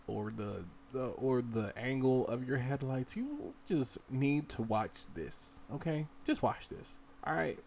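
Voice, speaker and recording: A man's voice: mid-range voice, vocal fry, darkish tone, a little hiss or hum. A man hosting a casual screen-share game modding tutorial, rambling as he works and urging viewers to try things themselves. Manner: rambling, talks to viewers directly and urges them on. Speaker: gaming livestream host.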